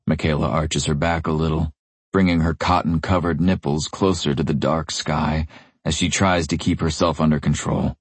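Very deep-voiced male audiobook narrator. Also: flat delivery, moderate pace, breathy edge, dry recording. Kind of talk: first-person audiobook narration.

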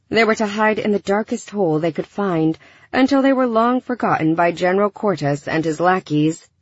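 Low-voiced woman narrating an audiobook. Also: breathy edge, no echo. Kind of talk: scripted narration. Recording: dull dry studio recording.

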